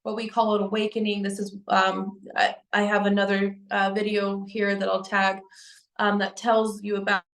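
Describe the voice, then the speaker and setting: Young woman, earnest spiritual vlogger, halting delivery, mid pitch, roomy echo. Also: little pitch movement, fairly bright tone. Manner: earnest, halting with many restarts and fillers. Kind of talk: personal testimony to camera. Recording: echoey room.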